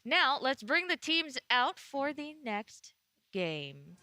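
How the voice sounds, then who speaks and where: Woman, esports desk host, upbeat, bright tone, slightly high. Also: sing-song, slow pace, faint music behind. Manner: upbeat, laughs easily. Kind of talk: live broadcast panel hosting.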